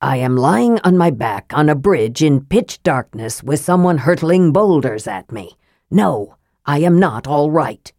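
Irritable young wizard, sharp and sarcastic, low-set storybook voice, read by a woman. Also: animated, unhurried, no room sound, clean studio sound, heavily acted. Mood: testy. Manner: testy, sarcastic. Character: testy, sharp-tongued young male mage.

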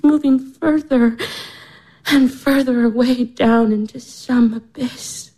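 A young woman in her twenties, worn down by dull office work and sliding into despair, in a radio play. Her voice sits a little high and turns anguished, cracking into sobs and faint whispers. She is weary and close to tears throughout. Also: warm tone. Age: 20s. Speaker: stage actress in a radio drama.

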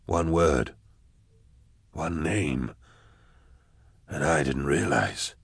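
A man voicing a weary, grave male inquisitor who speaks low and measured. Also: creaky, husky, no echo, clean studio sound, heavily acted.

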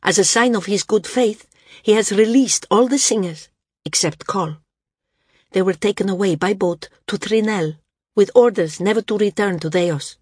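A young woman messenger, read by a woman narrator, brisk and urgent as she reports. Husky voice, close and dry. Audiobook character reading. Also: medium pitch, darkish tone, no echo, pitched above the performer's own voice, close to an everyday voice.

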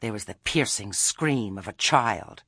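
A man narrating a comic fantasy story with a wry, expressive reading. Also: on the low side, measured pace, husky, dry recording. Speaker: audiobook narrator.

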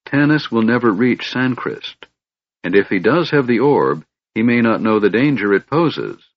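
Male narrator lightly doing a young elven woman, impassioned and frustrated, animated lines, slightly dull audio. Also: mid-range voice, normal speed, no room sound. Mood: worried. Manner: pleading, frustrated.

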